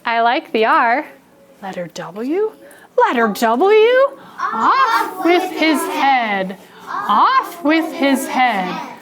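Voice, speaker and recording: A woman's voice: high voice, very animated, drawn-out words, heavy background noise, pitched above the performer's own voice, full character voice. A woman in a classroom voicing a mean male king who gleefully drags out his commands. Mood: gloating.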